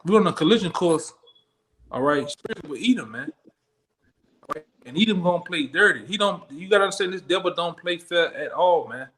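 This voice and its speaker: Male street preacher, slightly high voice, blunt and slangy, challenging. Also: animated, brisk, a bit bright, a little hiss or hum. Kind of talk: street-style sermon.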